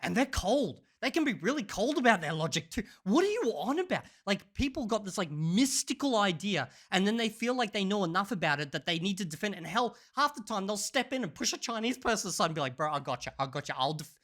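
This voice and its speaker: A man telling a story in a casual vlog, animated and profane, often breaking into laughter. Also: sits high, quick pace, few pauses. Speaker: channel host.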